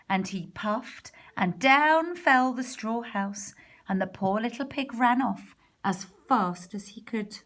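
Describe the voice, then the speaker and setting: Soft slow woman reading a storybook. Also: medium pitch, lively intonation. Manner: soft, partly whispered narration.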